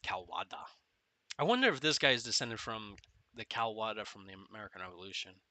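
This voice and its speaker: Rambling ex-Marine gamer in his forties, very sharp forceful voice, dry close sound, laughs through his war stories. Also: on the low side, very animated, a little fast, dry recording. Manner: rambling storytelling, often laughing, filler-heavy. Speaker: gameplay commentator and former Marine. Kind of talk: casual commentary while playing.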